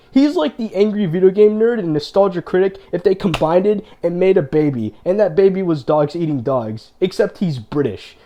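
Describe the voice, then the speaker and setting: A man's voice: fairly high pitch, mellow. A man ranting in a video, exasperated and profane as he complains about other creators. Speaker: YouTuber. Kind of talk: rant video.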